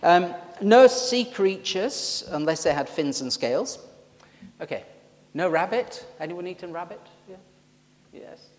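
A man's voice: high voice, expressive, unhurried, darkish tone, long reverb tail. A man with a Yorkshire accent preaching an informal, joking sermon and chatting with his congregation during a church service. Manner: chatty, joking, self-deprecating.

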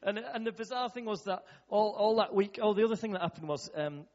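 A man's voice: sits high, expressive, a little fast, darkish tone. A man and church youth worker telling funny stories in a chatty talk, laughing often between his words. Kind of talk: storytelling talk to a church audience. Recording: dull echoey hall.

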